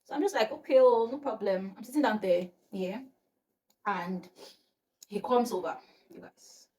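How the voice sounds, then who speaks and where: A young woman, telling a personal story to camera in a casual, animated way and acting out the dialogue. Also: normal speed. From Nigeria. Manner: animated, acts out quotes with rising pitch, laughs between lines. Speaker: storytime vlogger.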